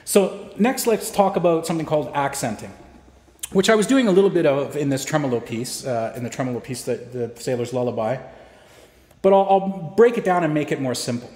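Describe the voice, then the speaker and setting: A man teaching fingerpicking technique in a guitar lesson, explaining step by step in a relaxed way with frequent fillers. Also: on the high side, brisk. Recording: roomy echo with guitar playing.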